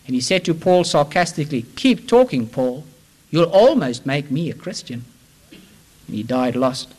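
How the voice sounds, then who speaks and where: A male preacher with a somewhat high voice delivers an impassioned sermon. He pleads with his listeners, swinging between ringing emphasis and hushed, drawn-out phrases. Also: poor audio. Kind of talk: evangelistic sermon.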